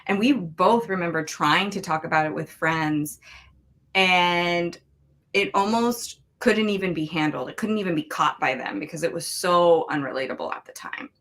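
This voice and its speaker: Bright-toned woman coach, earnest and frank. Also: on the low side, moderate pace. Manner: earnest, reflective, frank about intimacy. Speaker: relationship coach, guest. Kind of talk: candid interview talk.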